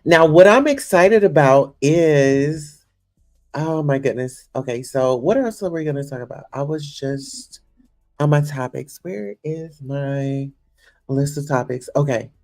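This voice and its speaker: A woman's voice: sits low, measured pace, darkish tone, soft background music. A young woman hosting a casual livestream chat, effusive and gushing, full of "you know" and "listen here.". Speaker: host.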